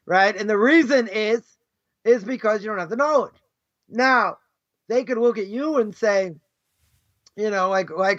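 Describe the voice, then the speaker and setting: Male rabbi lecturing a class; very high, sharp voice, chatty and rhetorical, dull lo-fi stream. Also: measured pace. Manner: conversational, keeps asking "right?"; acts out imagined speakers mid-lecture. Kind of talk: informal Torah lesson.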